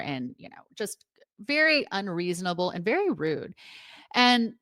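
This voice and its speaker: A woman's voice: medium pitch, measured pace, no room sound, studio quality. A woman who owns a salon, telling a story in casual talk and acting out the quoted voices of clients and commenters. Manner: animated retelling with quoted voices. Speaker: salon owner and host. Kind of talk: storytelling vlog chat.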